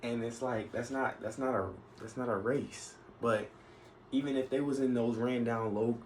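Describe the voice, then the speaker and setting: Man, vlogger, rambling casual monologue, mid-pitched voice, faint background noise. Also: darkish tone, poor audio. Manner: rambling, many restarts and asides.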